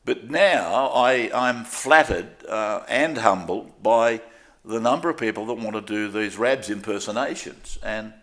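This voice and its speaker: Older Australian man, low candid voice. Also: a little slow, fairly bright tone. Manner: candid, self-deprecating, with frequent restarts. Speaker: interviewee, sports commentator. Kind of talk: relaxed interview storytelling.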